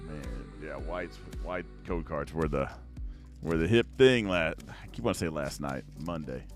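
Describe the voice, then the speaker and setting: A young man chatting casually to viewers as he opens card packs, rambling along and now and then breaking into excited outbursts. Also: a bass voice, moderate pace, music in the background. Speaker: card-opening YouTuber. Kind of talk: casual pack-opening chat to viewers.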